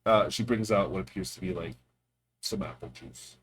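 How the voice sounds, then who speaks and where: A man's voice: sits low, steady tone, moderate pace, a bit bright, a little hiss or hum. A man narrating as game master of a tabletop game, playful and loose, with lots of fillers.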